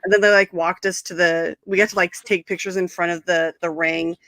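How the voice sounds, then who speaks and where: A woman chatting casually as a host, rushing through excitable stories with lots of fillers and restarts. Her voice is bright and forward, at a middle pitch. The sound is close and dry, with no room around it. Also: no echo. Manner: excitable storytelling, full of "like" and restarts. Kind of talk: casual chat.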